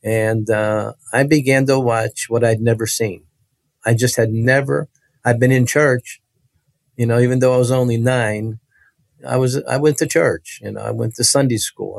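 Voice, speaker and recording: Male guest, earnest testimony, halting delivery, dry close sound. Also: medium pitch, steady tone, creaky, no echo. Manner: earnest, halting, restarts with laughs. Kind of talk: personal testimony storytelling.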